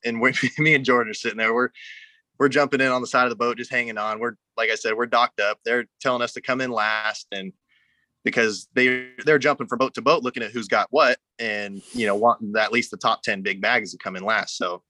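A man's voice: mid-range voice, fairly even intonation, a little fast, sharp tone, dry recording. A man telling fishing stories in a laid-back, casual way, often saying "you know", from Arizona. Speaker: guest angler. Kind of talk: casual storytelling.

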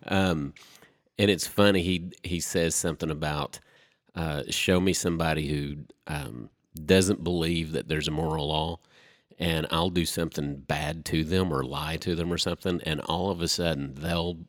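A man's voice: a bass voice, steady tone, moderate pace, no room sound, clean studio sound. A man in a casual discussion, joking around and then reasoning thoughtfully.

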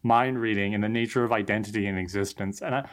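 A man co-hosting a casual TV recap chat, animated and laughing as he talks. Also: lowish voice, fast talker. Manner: animated, laughing, quoting characters. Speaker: podcast co-host.

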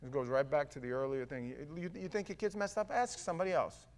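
A man's voice: a little high, expressive, fast talker, few pauses. Blunt, slangy male preacher. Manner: slangy and blunt, with frequent restarts; swings from quiet asides to loud emphatic shouting. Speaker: pastor. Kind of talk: casual conversational sermon.

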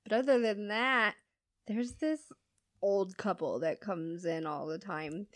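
A woman's voice: mid-range voice, slow pace, dry recording. A young woman chatting casually, telling funny work stories and laughing often. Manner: laughs often, storytelling with quoted voices. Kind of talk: casual chat.

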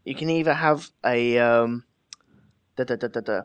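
A man's voice: medium pitch, normal speed, clear, resonant tone, dry recording. A man hosting a casual podcast, chatty and giggly as he reads out news stories. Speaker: podcast host.

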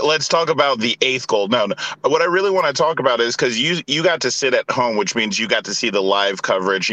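A man with a bright, forceful voice hosts a podcast chat. He steers the others with questions and thinks aloud about the topic. His voice sounds dry and close to the mic. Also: medium pitch, no echo, rough recording. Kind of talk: casual chat.

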